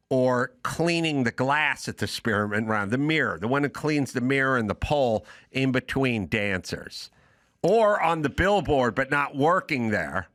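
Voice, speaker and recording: A podcast host with a mid-range, fairly bright male voice delivers a casual, opinionated monologue, ranting sardonically and acting out other people's voices. The sound is clean studio audio with no room sound.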